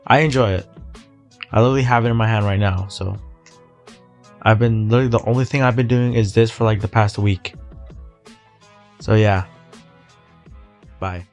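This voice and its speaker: A man's voice: lowish voice, a little mellow. A man vlogging his cube practice, rambling and muttering to himself, getting easily frustrated. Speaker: speedcubing hobbyist vlogger. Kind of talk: casual self-talk while solving a cube.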